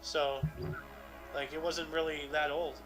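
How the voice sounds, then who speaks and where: This casual podcast co-host, a man with a slightly high voice, reads historical dates in a flat, unhurried delivery, rambling with lots of fillers. Music plays underneath, and the audio quality is poor.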